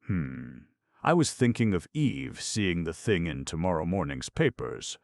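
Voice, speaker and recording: A man voicing a detached, hesitant gentleman. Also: deep voice, very animated, measured pace, gravelly, no echo, clean studio sound, exaggerated voice. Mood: musing.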